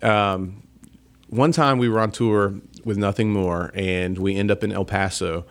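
A man with a South Carolina accent, a band's lead singer, telling a story in a casual, animated chat. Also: fairly low pitch, measured pace. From South Carolina, USA. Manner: animated, laughs while telling stories.

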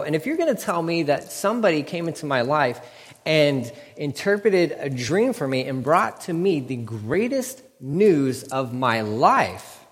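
A man preaching a sermon in an animated way, acting out the biblical figures with quick quips. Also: a little high. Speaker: pastor. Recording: long hall reverb.

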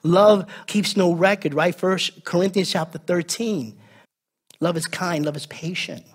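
A man preaching with a husky, slightly rough voice that sits high for a man. He speaks earnestly and conversationally, repeating words and throwing in asides as he teaches his congregation. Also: unhurried. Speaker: pastor. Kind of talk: sermon.

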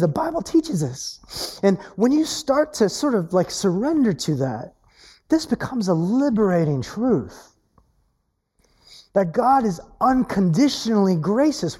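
A woman preaching a sermon, emphatic, repeating her key phrases and swinging her pitch between low and high. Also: mellow.

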